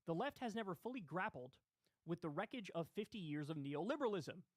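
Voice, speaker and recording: A man's voice: sits high, big pitch swings, fairly quick, no echo. A man presenting a political commentary video, speaking emphatically and directly to viewers.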